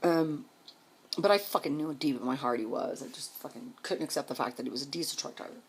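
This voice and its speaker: Woman vlogger, low raspy voice, profane and fast-talking storyteller. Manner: blunt, heavy swearing; rapid, emphatic delivery. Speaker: vlogger telling a life story. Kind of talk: casual storytelling.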